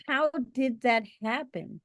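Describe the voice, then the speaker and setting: Lively high-voiced female interviewer. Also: takes it slowly, no echo, clean studio sound. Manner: brief, encouraging prompts. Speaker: host. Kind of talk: interview questions.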